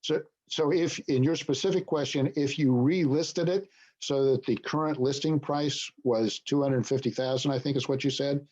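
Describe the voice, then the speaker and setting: A man's voice: medium pitch, normal speed, darkish tone, muffled recording. A man leading a business broker training, explaining points and checking in with "okay?". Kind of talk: training session talk.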